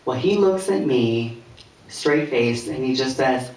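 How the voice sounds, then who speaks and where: A man's voice: mid-range voice, animated, a little mellow, slight background noise. Man telling stand-up stories in an echoey room. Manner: conversational, anecdotal, with filler pauses. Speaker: stand-up comedian. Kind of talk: stand-up storytelling. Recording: echoey room heard from a distance.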